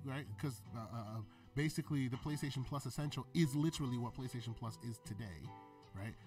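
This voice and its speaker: Higher-voiced man, distant from the mic. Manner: agreeable, frequent affirmations, conversational. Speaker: podcast host. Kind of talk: casual podcast discussion.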